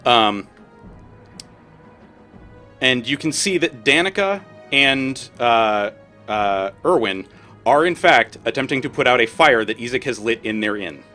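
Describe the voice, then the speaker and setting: A man narrating a tabletop game as game master, casual and halting with many fillers. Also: mid-range voice, lively intonation, pushed and bright, soft background music.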